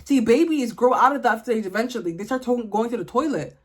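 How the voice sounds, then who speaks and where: A woman vents straight to camera in a blunt, exasperated, comic rant. Her voice sits a little high. The talk is loose and casual, like a vlog. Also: animated, brisk, husky. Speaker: vlogger.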